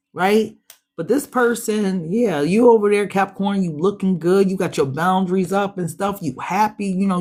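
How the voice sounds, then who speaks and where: Woman, tarot reader, casual chatty slang, addresses viewers directly, slightly stuffy voice. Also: lowish voice. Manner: chatty, slangy, speaks straight to listeners as "beloved". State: stuffy-sounding.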